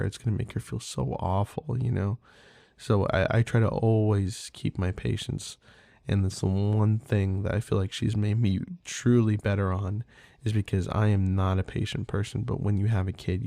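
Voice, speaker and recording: A man's voice: fairly low pitch, vocal fry, a little mellow, dry recording, studio quality. A man hosting a podcast in a casual, candid monologue, swearing freely and talking loosely. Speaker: podcast host.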